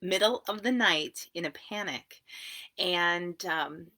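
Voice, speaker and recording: Woman therapist, casual live talk, lowish pitch, bright forceful tone, chatty, small closet. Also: slow. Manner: chatty, laughs easily, warm asides. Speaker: therapist and wellness coach.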